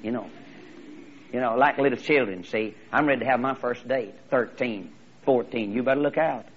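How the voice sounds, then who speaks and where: A man preaching a storytelling sermon in a folksy, animated way, often repeating his phrases, on a slightly muffled recording. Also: mid-range voice, normal speed, slight background noise.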